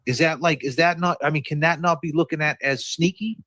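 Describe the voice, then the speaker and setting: A man's voice: fairly high pitch, brisk, no room sound. A man hosting a live stream, casually asking a guest questions and reading out questions from the chat. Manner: relaxed, conversational, reads out viewer questions.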